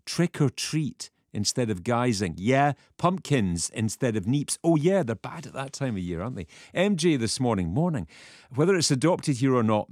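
A man's voice: medium pitch, no echo, studio quality. A man hosting a radio phone-in show, chatty as he reads out listener texts and talks with callers. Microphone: studio microphone.

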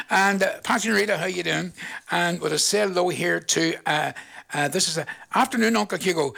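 A man's voice: high-pitched, vocal fry, pushed and bright. A male radio presenter with a Northern Irish accent, chatting away and sending out greetings to listeners in a rambling patter. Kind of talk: live radio chat with listener shout-outs.

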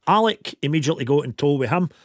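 A man's voice: fairly high pitch, lively intonation, quick pace, no echo, studio quality. A man hosting a casual chat, asking questions with enthusiasm. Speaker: host.

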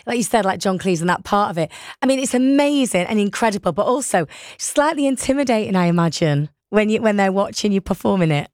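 A woman's voice: mid-range voice, expressive, fast, darkish tone, no echo, studio quality. A woman interviewer asking questions with gushing enthusiasm and laughing along with her guest. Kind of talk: casual interview chat.

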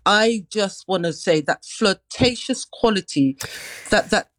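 Expressive woman on radio. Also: mid-range voice, a little slow, no room sound, poor audio. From London. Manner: expressive, acts out greetings. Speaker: radio guest and dance teacher. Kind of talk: live radio chat.

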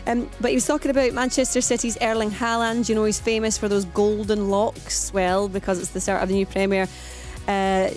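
A woman's voice: medium pitch, darkish tone. A woman hosting a live radio phone-in, chatty and firing questions at listeners.

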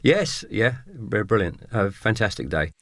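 An older former footballer in an archive interview, reminiscing with amused, halting restarts. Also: male voice, on the low side, big pitch swings, dry recording.

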